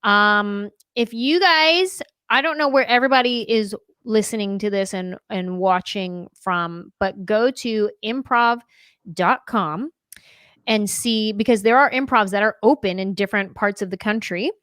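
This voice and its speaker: A woman's voice: mid-range voice, a little slow, a bit bright, clear, resonant tone, dry recording. A woman hosting a live-streamed interview, bubbly and playful, laughing easily. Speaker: host.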